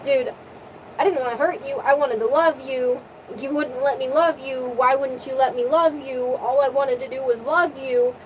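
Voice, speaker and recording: A woman's voice: high-pitched, steady tone, moderate pace, far from the mic, slight background noise, close to an everyday voice, low-quality recording. A woman quoting a lovesick, clingy nymph in a pleading, gushing way.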